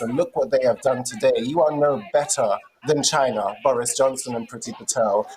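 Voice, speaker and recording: A live-stream co-host giving indignant, forceful commentary. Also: medium pitch, low-quality recording. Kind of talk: impassioned commentary.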